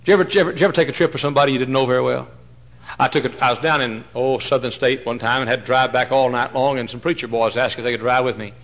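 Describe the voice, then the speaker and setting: A middle-aged man preaching a sermon, telling folksy stories and swinging between loud mock-pompous lines and hushed asides. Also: medium pitch, steady tone, very fast, low-quality recording.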